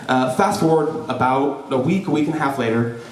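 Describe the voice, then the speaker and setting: A young man telling a personal story live before an audience, lively and joking, with frequent "right?" asides to the crowd. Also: mid-range voice, fairly quick. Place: event hall before an audience. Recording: roomy hall, voice from a distance.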